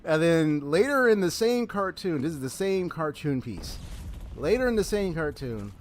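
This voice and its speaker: A gaming streamer with a slightly high, very animated voice talks at a normal speed. Chatting casually while playing live, he tells a story, laughs a lot, and reads in-game dialogue aloud.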